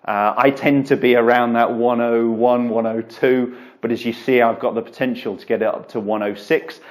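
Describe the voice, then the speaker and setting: A man's voice: mid-range voice, normal speed. English guy golf coach talking through a drill, chatty and easygoing, lots of ums. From England. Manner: relaxed, chatty explanation with frequent fillers. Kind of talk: instructional video lesson.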